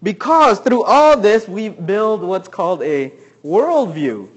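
A man preaching a sermon, who keeps asking the congregation questions and swings between loud emphasis and quiet asides. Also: high voice, sing-song, takes it slowly, breathy edge, lo-fi sound. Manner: asks the audience many questions. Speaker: pastor.

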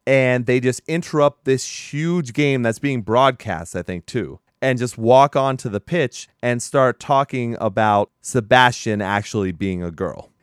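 A man's voice: mid-range voice, unhurried, few pauses, clear, resonant tone, no echo, studio quality. A man co-hosting a casual podcast, recapping a movie plot with jokes. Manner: joking, plot-recapping storyteller. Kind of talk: casual chat.

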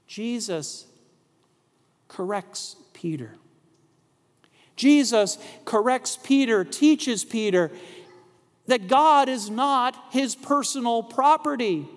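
A male pastor delivers a sermon in an unhurried, deliberate way and keeps posing rhetorical questions. His voice sits high for a man. A long reverb trails his words through the church sanctuary. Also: animated.

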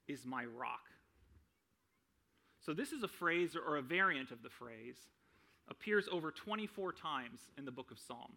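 A man's voice: fairly high pitch, gravelly, bright, forceful tone. A young man giving a sermon in a conversational way, often checking in with "right?" and adding self-deprecating humor. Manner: conversational, frequent "right?" tag questions. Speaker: preacher.

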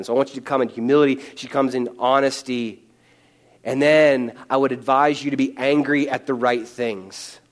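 A man's voice: medium pitch, steady tone. Impassioned male pastor preaching. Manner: impassioned, shifts from loud pleading to hushed and slow. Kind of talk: sermon. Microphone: microphone.

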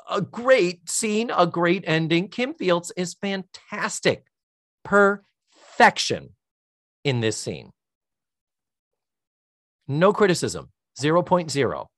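A man's voice: high-pitched, slow pace, pauses often, no echo, clean studio sound. A man co-hosting a podcast, casually recapping a TV episode and playfully acting out the characters' lines. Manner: lively retelling, acting out quoted lines with laughs. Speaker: podcast co-host.

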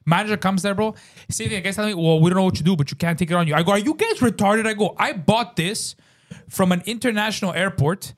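Man, podcast co-host, rapid-fire talk, slightly high voice, animated, swears, says bro. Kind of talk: casual storytelling chat.

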